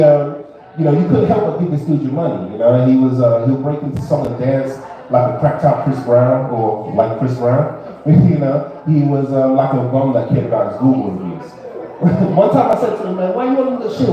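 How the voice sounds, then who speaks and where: A man's voice: medium pitch, dull audio. A man performing a rambling, laid-back stand-up set at an open mic, full of fillers. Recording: roomy club sound from a distance.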